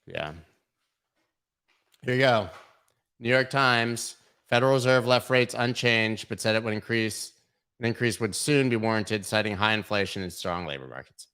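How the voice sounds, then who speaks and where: A man's voice: on the low side, normal speed, sharp tone, clean tone. A man hosting a crypto livestream, going over charts in casual, irreverent commentary full of swearing and mockery. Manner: irreverent, profane, mocking.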